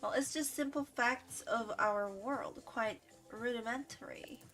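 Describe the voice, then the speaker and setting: A woman's voice: a little high, unhurried, fairly bright tone, soft background music. A woman voicing a snooty, refined woman customer in a game who speaks in a pompous, formal, condescending way. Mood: haughty.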